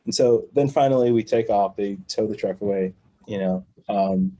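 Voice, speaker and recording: A man guesting on a podcast, telling a long story in a casual, animated way and acting out the other people in it. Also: fairly low pitch, normal speed, poor audio. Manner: animated storyteller who acts out quoted voices and laughs between lines.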